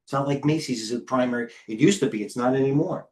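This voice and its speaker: A middle-aged man hosting live trading commentary, firing off clipped ticker call-outs and excitedly talking to himself as he trades. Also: medium pitch, quick pace. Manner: talks to himself while trading. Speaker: head trader hosting a market livestream.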